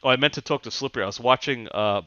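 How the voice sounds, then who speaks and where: A man with a bright, forward voice chats loosely and crudely, often laughing as he rambles. The sound is dry and somewhat dull, as if through a modest home mic. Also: medium pitch, racing, clean tone, no room sound. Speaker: podcast host. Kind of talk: casual chat.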